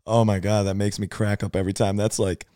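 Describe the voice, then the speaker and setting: A man's voice: on the low side, level tone, quick pace, dark tone, dry recording, clean studio sound. A young man co-hosting a casual podcast, laid-back and slangy. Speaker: podcast co-host.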